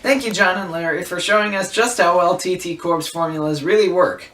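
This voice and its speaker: Male mock anchor, high voice, announcer hand-offs, roomy echo. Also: steady tone, fairly quick, a bit bright, recorded from a distance. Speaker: news anchor.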